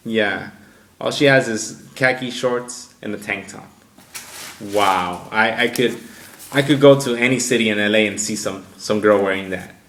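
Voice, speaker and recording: A man's voice: lowish voice, unhurried, fairly bright tone. A man co-hosting a casual podcast, going on profane, heated rants and laughing with friends. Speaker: podcast co-host. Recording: echoey room with faint noise.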